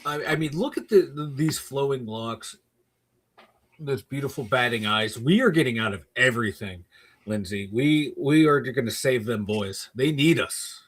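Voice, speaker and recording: A man's voice: mid-range voice, lively intonation, normal speed, fairly bright tone, slightly rough, dry recording. A man co-hosting a casual live stream, joking and poking fun at himself. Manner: joking, self-mocking. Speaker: podcast co-host.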